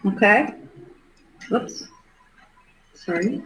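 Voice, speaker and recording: A middle-aged woman hosting a livestream, giving a halting, earnest case commentary. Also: fairly low pitch, steady tone, background noise. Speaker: livestream host. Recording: roomy echo.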